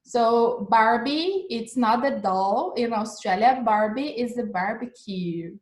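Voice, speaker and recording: Teaching a relaxed livestream lesson from home in Australia, this chatty English teacher speaks slowly in an animated, higher-pitched voice with a darkish tone. The room echoes, and she keeps repeating phrases and tossing in "like" and "right?".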